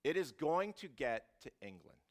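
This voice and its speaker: A male pastor preaching a sermon, swinging from loud emphasis to hushed asides, often restarting his phrases. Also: on the high side, moderate pace. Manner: animated, shifting from loud to hushed, frequent restarts.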